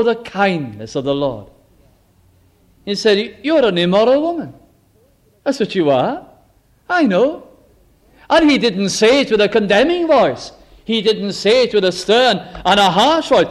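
A man preaching a sermon, quoting scripture in old English and dropping his voice low and soft for emotional asides.

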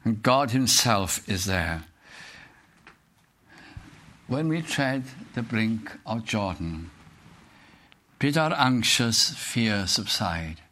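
Older British male preacher; earnest, slow sermon delivery with hymn recitation. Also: on the low side, sharp tone.

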